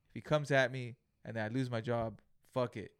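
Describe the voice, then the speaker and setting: A man's voice: medium pitch, steady tone, brisk, clear, resonant tone, no echo, studio quality. A young man, co-hosting a podcast and telling a story in a casual, profane way, acting out the people in it. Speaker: podcast co-host.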